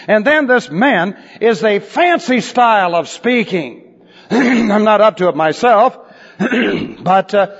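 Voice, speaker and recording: A man with a fairly high voice delivers an emphatic expository sermon as a pastor. His lecturing carries a dry humor. The recording is dull and lo-fi, and his voice trails off in the long reverb of a church sanctuary. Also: breathy edge.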